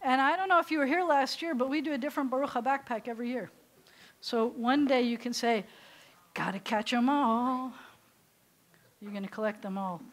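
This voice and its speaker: A woman with a Southern American accent leading a congregation through a service, giving gentle instructions. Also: fairly high pitch, moderate pace. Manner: warm instructive directions to a congregation. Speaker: service leader.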